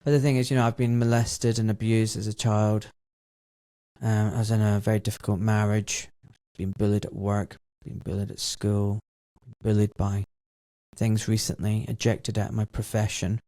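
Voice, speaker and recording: A man's voice: on the low side, flat delivery, moderate pace, warm tone, dry recording, clean studio sound. A middle-aged man hosting a podcast, telling a personal story in an emotional, reflective way. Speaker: podcast host. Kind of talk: conversational interview.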